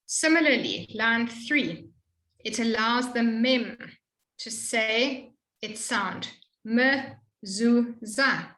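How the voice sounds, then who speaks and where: A woman tutoring a student in Hebrew reading, explaining patiently and slowly modeling each sound. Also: on the high side, expressive, bright, forceful tone, roomy sound, rough recording. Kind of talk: one-on-one reading lesson.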